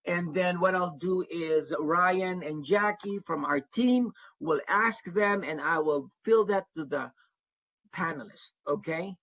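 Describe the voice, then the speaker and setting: A man's voice: high voice, slow, a bit bright. Man advising in dull webinar audio. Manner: earnest, repeats key advice for emphasis. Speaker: international student advisor presenting a workshop. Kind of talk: online workshop presentation. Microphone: video call.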